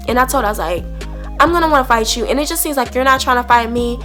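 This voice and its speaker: A young woman, telling an animated storytime to camera and acting out both sides of a heated argument. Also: a little high, quick pace, faint music behind. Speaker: storytime vlogger.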